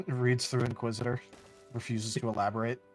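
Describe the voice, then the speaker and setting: A man chatting casually as a guest on a stream, eager and quick to jump in. His pitch sits in the middle range. Faint music plays behind. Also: steady tone. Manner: eager, talks over others with asides.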